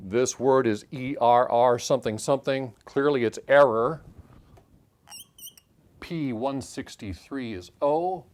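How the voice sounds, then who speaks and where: A man talks through a word puzzle, thinking aloud in a calm, measured way. He calls out letters and clue numbers one by one as he solves along with the listener. His voice sits at an ordinary middle pitch for a man. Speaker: puzzle-solving channel host.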